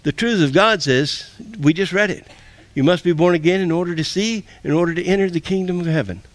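A man preaching a sermon and leading an altar call, impassioned, swinging from loud calls to hushed near-whispers. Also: sits high, fairly quick, dry recording. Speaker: pastor.

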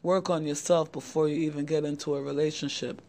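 A woman's voice: low voice, fairly even intonation, brisk, mellow. A middle-aged woman talks straight to her audience of young men in an earnest motivational style. She repeats her points and keeps addressing her listeners directly as "guys". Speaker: channel host giving advice to young men. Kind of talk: motivational talk to camera.

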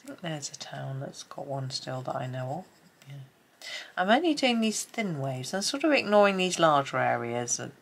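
British woman, middle-aged, relaxed colouring chat, deep and a bit gravelly, soft rambling delivery. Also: moderate pace, a little hiss or hum. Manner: soft-spoken, rambling, drifts into murmurs. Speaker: colouring channel host. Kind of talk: casual chat while colouring.

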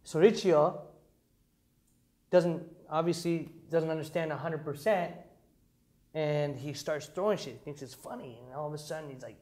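A man guesting on a talk show tells his story with animated energy and a lot of laughter. His voice sits a bit higher than most men's. He swears freely and talks casually. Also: normal speed, long pauses.

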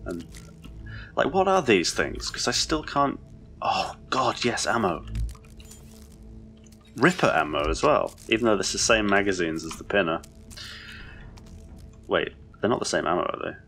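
A man commenting on his own gameplay in a deep, gravelly voice, speaking slowly. He rambles, questions what he sees and swears freely. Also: sing-song, fairly bright tone, soft background music. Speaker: let's play host.

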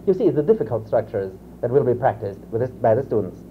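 A man's voice: medium pitch, big pitch swings, fast, few pauses. A man giving an academic lecture, hesitant, with many fillers and restarts. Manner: reads example drill sentences aloud in a raised voice. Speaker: professor giving a convocation lecture. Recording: tinny lo-fi 1960s reel-to-reel tape with faint hiss.

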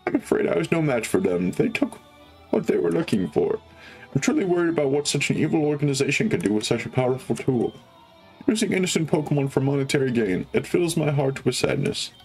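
A man reading game dialogue aloud for a gentle, sorrowful old man, voice a little raised. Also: mid-range voice, very animated, brisk, husky, soft background music, pitched above the performer's own voice, rough recording.

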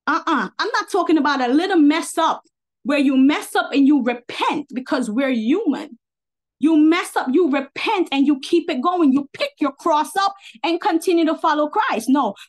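A woman preacher delivering an informal livestream sermon, emphatic and fiery, repeating key lines and checking in with her listeners for agreement. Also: high-pitched. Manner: fiery and indignant, with bursts of laughter.

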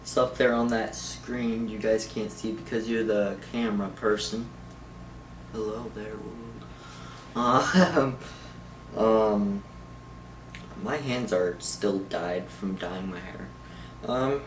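A man's voice: on the low side, slow, pauses often. Young man, casual vlog, rambling, giggly, distant mic, faint background noise. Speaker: vlogger. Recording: roomy, from far off, faint noise.

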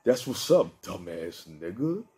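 A man voicing an impatient man plotting a robbery, talking in curt, dismissive street slang with a deep, dark voice. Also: brisk, husky. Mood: scheming.

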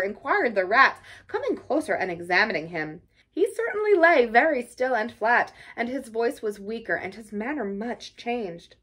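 A woman reading a children's classic aloud for a library, in a lively, expressive storytelling voice. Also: a little high, normal speed, breathy edge.

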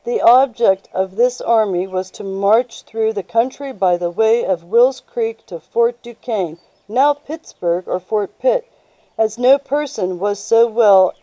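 A woman reads aloud from a history book at a very unhurried pace. Her tone is deep, dark and mellow. The recording is dry and close, with no room sound. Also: dry recording, rough recording. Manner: unhurried, plain reading voice. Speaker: reader of books aloud.

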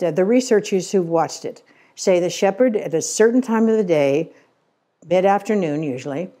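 A woman's voice: lowish voice, warm tone. A middle-aged woman giving a church talk, telling stories earnestly and acting out the quotes. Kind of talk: storytelling sermon.

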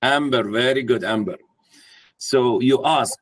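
A man with an animated mid-range voice talks at normal speed to a live mentoring-workshop crowd. He asks the room questions and acts out how a parent might speak to a child, making it an interactive workshop talk.

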